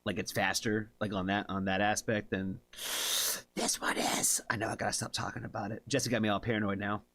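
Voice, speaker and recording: A man's voice: fairly low pitch, level tone, fairly quick, a bit bright, no echo. A man from the United States hosting a music reaction stream, chatting casually with viewers in a rambling way with lots of fillers. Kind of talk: casual live-stream chat.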